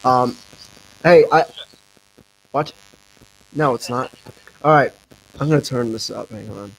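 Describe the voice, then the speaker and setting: A man's voice: mid-range voice, slow pace, gravelly, rough recording. A young man hosting a casual livestream podcast, rambling with lots of fillers and restarts. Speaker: podcast host.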